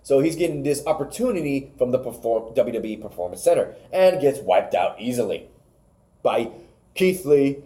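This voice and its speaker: A man's voice: mid-range voice, lively intonation, normal speed, warm tone. A man co-hosting a podcast, casually recapping wrestling matches, rambling and stumbling over names. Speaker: podcast co-host.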